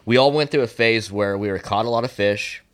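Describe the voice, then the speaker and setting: Middle-aged guy, kinda low voice, swearing a lot, telling a fishing story on a podcast. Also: brisk. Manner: profane, storytelling, animated when reenacting. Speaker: podcast guest, swimbait angler. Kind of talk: casual podcast chat.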